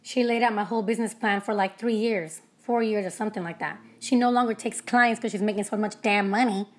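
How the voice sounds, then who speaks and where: A young adult woman, an energy healer and business owner, giving a casual motivational monologue in a blunt, profane, animated storytelling way. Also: medium pitch, brisk.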